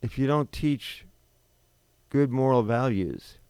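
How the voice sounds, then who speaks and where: A man's voice: medium pitch, takes it slowly, warm tone, clean tone, no room sound. A man in his fifties hosting a talk show, delivering an unscripted, indignant monologue full of rhetorical questions and restarts. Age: 50s. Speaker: podcast host.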